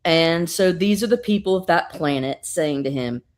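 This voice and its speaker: A woman recapping a comic book in an animated, casual way, swearing freely and using lots of fillers. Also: fairly low pitch, normal speed. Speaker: guest reviewer.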